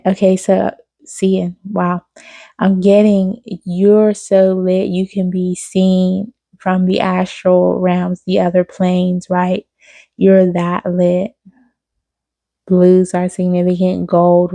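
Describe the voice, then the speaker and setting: A woman delivers an intuitive spiritual reading straight to her viewers, gravelly and mellow in tone. She keeps her pitch fairly flat and close to the mic in a dry space. She talks affectionately, calling the listener baby and repeating key phrases. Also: takes it slowly, dry recording. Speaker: spiritual reader on her own channel.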